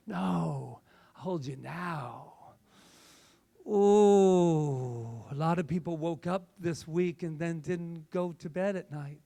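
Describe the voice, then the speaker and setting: Gravelly, impassioned male minister. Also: on the high side, takes it slowly. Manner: impassioned, conversational, animated. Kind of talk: sermon.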